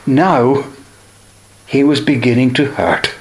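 A man preaching a sermon in a slow, measured way, pausing between short phrases. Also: mid-range voice, fairly even intonation, darkish tone, reverberant, rough recording.

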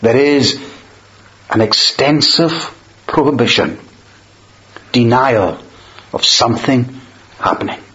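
A man preaching a sermon, measured and emphatic, slowing down on quoted verses. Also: mid-range voice, expressive, bright, forceful tone. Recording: dull lo-fi sound in a roomy space.

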